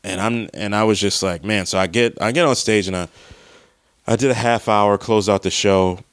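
A comedian telling a rambling, profane story about a stressful drive in casual monologue. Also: male voice, lowish voice, normal speed, dry recording, clean studio sound. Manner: profane, rambling, animated retelling.

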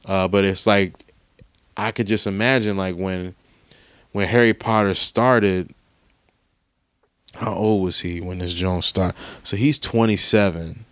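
Dude with a lowish voice chatting about a movie, cusses a lot, trips over his words. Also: steady tone, unhurried, pauses often, fairly bright tone, no room sound. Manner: rambling, profane, restarts sentences often. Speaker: film reviewer. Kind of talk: casual movie review.

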